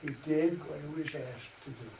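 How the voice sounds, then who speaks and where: A man's voice: a little high, normal speed, vocal fry, mellow. A man giving a folksy church study-group talk, chatting and acting out dialogue with laughs. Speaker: parish presenter. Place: church meeting room. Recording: echoey church hall from far off, faint hiss.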